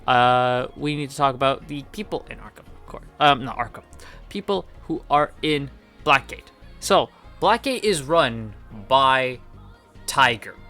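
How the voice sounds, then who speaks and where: A man's voice: mid-range voice, pushed and bright. A man giving casual, enthusiastic video game commentary, rambling with lots of fillers. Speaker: gaming video creator.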